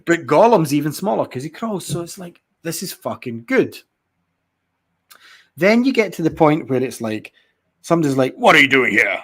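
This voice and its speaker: A man's voice: fairly high pitch, normal speed, long pauses. A man, co-hosting a casual chat about video games, rambling and swearing as he tells stories. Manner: rambling, profane, animated storytelling. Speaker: podcast co-host.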